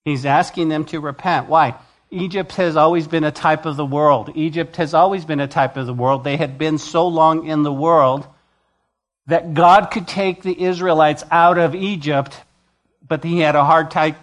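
A man preaching a sermon to a church, swinging between loud emphatic lines and quiet, intimate ones. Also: on the high side. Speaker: pastor.

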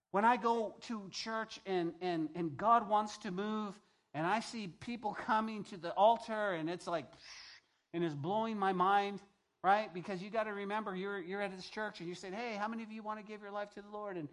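A male pastor delivering a sermon with a somewhat higher voice than most men. He preaches in an animated way, rising to loud emphasis and dropping to soft, hushed asides, and keeps asking the congregation if they follow.

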